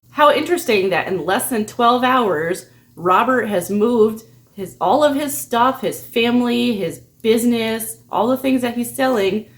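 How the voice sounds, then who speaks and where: A woman crafting vlogger telling a story in a sarcastic, animated way. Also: fairly high pitch, unhurried. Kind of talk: storytelling vlog.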